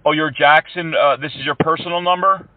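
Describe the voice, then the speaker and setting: A man calling scammers as a prank, talking calmly and mock-earnestly and throwing in broken Hindi words. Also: on the high side, brisk. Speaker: prank caller and show host. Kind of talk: prank phone call to scammers. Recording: tinny phone line.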